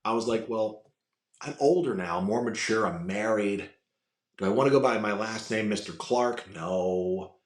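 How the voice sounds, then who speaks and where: A man with a raspy voice, chatting casually as a podcast guest and telling animated stories with a lot of swearing. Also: on the low side, a little slow. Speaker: guest, voice impressionist. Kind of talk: casual interview chat. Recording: roomy echo.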